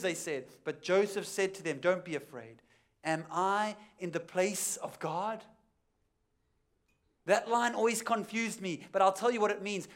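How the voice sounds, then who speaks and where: In church, a high-pitched male pastor preaches at an unhurried pace. He builds to emphatic peaks, then drops to quiet, intense lines, repeating key phrases for weight.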